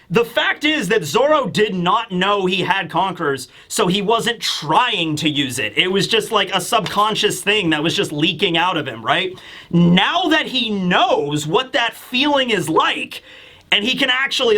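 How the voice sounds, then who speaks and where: A man talking casually as a manga reviewer, excitable, acting out the characters' quotes. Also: high-pitched. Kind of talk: casual chat.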